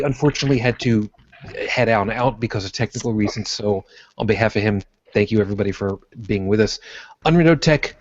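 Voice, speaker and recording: A man's voice: on the low side, darkish tone, no room sound, lo-fi sound. A man hosting a casual podcast, thanking each guest in turn and stumbling over his words as he goes. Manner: rambling, repeats words when thanking guests. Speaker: host.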